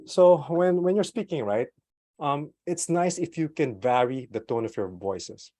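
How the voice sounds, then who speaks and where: An animated man delivers an online product management talk into a desktop USB microphone, with no echo in the recording. He uses fillers and small laughs, swings a lot in pitch and volume, and slows down or pauses on purpose.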